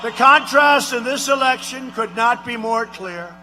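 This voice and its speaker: A man doing an impression of a boastful male president giving a rambling rally speech, repeating himself and shouting out punchlines. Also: very high voice, measured pace, noisy background. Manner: repetitive, rambling, bragging, with sudden shouted lines.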